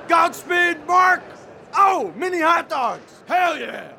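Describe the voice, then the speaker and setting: A man voicing a brash, self-absorbed young male cartoon reporter who yells and bosses his assistant around. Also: a little hiss or hum. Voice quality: high, yelling and bossy. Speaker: field reporter. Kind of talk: cartoon voice acting.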